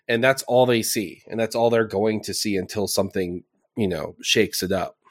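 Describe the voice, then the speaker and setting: A man's voice: on the low side, moderate pace. A man co-hosting a casual political podcast, giving blunt, offhand commentary.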